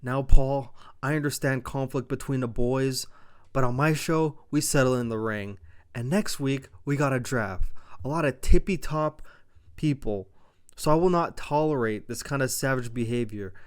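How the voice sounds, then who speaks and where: A man puts on a stern general manager who lays down the law with firm, clipped warnings. The voice stays smooth and clear, only a little raised. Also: medium pitch, a little slow, natural voice.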